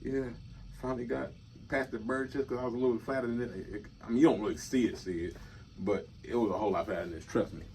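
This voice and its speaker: A young man talking to his viewers in a loose, repetitive monologue, murmuring low and then bursting out loud to make a point. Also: fairly even intonation, fast talker, slight background noise. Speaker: vlogger. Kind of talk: casual rambling monologue.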